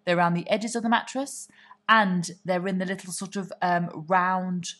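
A woman's voice: on the low side, fairly even intonation, normal speed, fairly bright tone. Gossipy woman co-hosting a chat. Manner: gossipy, theatrical, swears freely. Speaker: podcast co-host. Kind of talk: casual chat.

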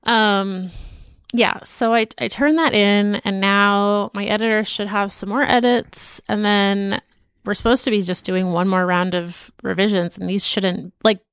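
A woman co-hosting a podcast and chatting casually, wry and quick to laugh. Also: mid-range voice, steady tone, a bit bright, clean tone, no room sound, clean studio sound. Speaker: podcast co-host and author. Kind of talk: casual chat.

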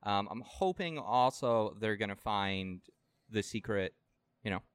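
A man from the United States co-hosting a casual podcast chat, animated and laughing as he tells stories. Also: fairly low pitch, measured pace, smooth, no echo. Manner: animated storyteller, laughs often. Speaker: podcast co-host.

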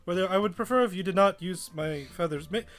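A man's voice: sits high, quick pace, fairly bright tone, pitched above the performer's own voice. A man voicing a timid, nerdy young male owl-person who stammers politely in an old game episode clip. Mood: nervous. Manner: stammering, shy, politely flustered.

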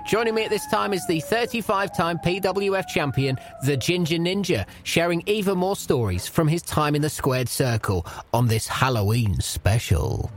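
A man's voice: fairly high pitch, normal speed, few pauses, a little hiss or hum, lightly acted. An actor playing an earnest, polite male wrestling show presenter who stammers when flustered. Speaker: podcast host. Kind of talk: scripted comedy podcast. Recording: music playing underneath.

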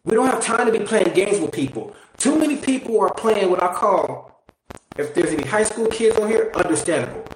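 A man's voice: high voice, expressive, a little fast, slight background noise. A man giving a blunt, preachy motivational talk that swears casually and fires direct questions at the listener. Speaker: motivational speaker. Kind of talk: motivational monologue. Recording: roomy echo.

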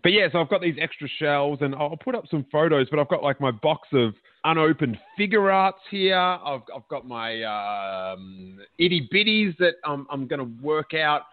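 A man's voice: on the high side, animated, normal speed, few pauses, no echo. Chatty man on a tinny line. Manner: chatty, jokey storytelling. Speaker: podcast host. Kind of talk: casual chat. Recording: dry, phone-like narrow sound.

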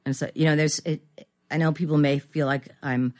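A woman's voice: low-pitched, steady tone, brisk, darkish tone. Rambling, self-deprecating middle-aged woman. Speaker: actor guest. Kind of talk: candid interview chat.

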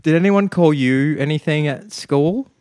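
A man's voice: a little high, unhurried, a little mellow, dry recording, studio quality. A man co-hosting a podcast in casual chat, laughing often and tripping over his words. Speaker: podcast co-host. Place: home room, remote call.

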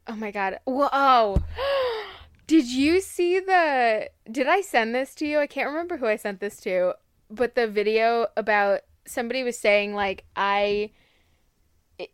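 A woman's voice: fairly high pitch, a little slow, clean tone, dry recording, clean studio sound. A woman in casual chat, playful and giggly, jumping from topic to topic.

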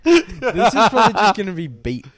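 A man's voice: sits high, huge pitch swings, normal speed, a bit bright, no room sound. A young Australian man co-hosting a podcast in casual chat, crude and jokey, swearing constantly into a podcast mic. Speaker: podcast co-host.

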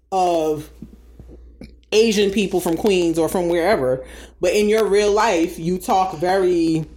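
A woman co-hosting a casual chat show, sassy and animated, rattling off opinions with mocking quoted asides. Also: lowish voice. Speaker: podcast co-host.

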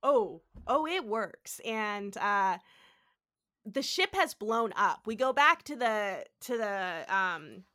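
A woman co-hosting a podcast, recapping a TV episode in excitable, sweary casual chat. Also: medium pitch, slow pace. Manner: excitable, swears, laughs, acts out quotes. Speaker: podcast co-host.

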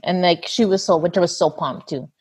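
Raspy woman in lively chat. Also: fairly low pitch, brisk. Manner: lively storytelling, heavy use of "like". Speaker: mother of a toddler. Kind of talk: casual chat.

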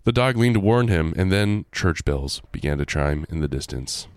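A man hosting, reading a folk tale aloud with animated, joking asides. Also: low voice, normal speed, clean tone, no room sound. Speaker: host. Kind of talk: storytelling with jokey asides.

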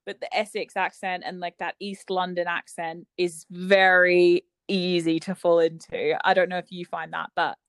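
A woman's voice: fairly low pitch, no room sound. Australian woman, dry close sound. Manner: animated, quick, self-mocking. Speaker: podcast co-host. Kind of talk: casual chat.

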